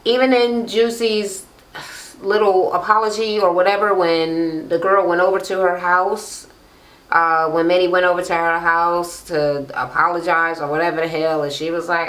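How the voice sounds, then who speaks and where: A woman's voice: lowish voice, moderate pace, fairly bright tone. A woman casually recapping a reality show episode, with sassy, profane, mocking commentary. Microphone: camera microphone. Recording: roomy, echoey room.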